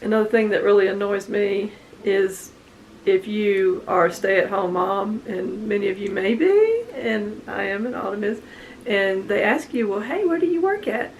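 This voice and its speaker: A woman's voice: mid-range voice, a little slow, a little hiss or hum, low-quality recording. A middle-aged woman, the vlogger's mother, chatting casually and mocking other people in quotes. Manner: laid-back, mocking quotes. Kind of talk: casual chat.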